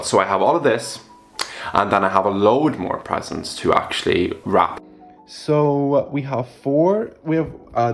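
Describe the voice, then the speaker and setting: A man's voice: on the low side, a bit bright. Young guy rambling in a home vlog, self-mocking, bit of room echo. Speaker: vlogger. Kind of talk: casual vlog chat. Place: apartment at home.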